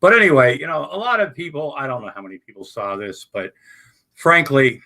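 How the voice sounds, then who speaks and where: Bright-voiced man rambling on a livestream. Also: mid-range voice, animated, fairly quick, creaky. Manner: rambling, loud bursts, swears casually, addresses "folks". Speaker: livestream host. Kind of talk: rambling livestream chat to viewers. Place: indoors at home.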